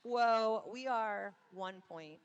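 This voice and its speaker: A woman's voice: medium pitch, normal speed, dry recording, highs cut off. A woman doing live, chatty play-by-play of a roller derby game from an arena, joking with her co-host on a headset mic. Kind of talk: live sports commentary.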